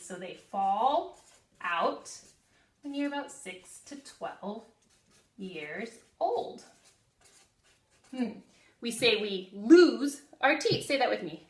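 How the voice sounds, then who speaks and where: Slow, echoey woman teaching first graders. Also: on the high side. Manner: slow, drawn-out, call-and-repeat teaching. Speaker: guest teacher. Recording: echoey room, voice from a distance.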